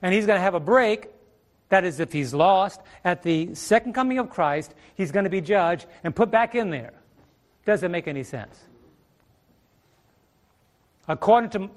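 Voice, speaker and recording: A middle-aged man preaching a sermon from a stage, emphatic, throwing rhetorical questions at the congregation and drawing out key words. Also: high-pitched. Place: church stage. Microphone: stage microphone.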